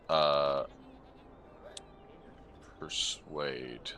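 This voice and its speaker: A man's voice: rumbling low, a little slow, pauses often, pushed and bright, slight background noise. A man giving casual let's-play commentary, joking, exclaiming and reading his choices aloud. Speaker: gaming channel host.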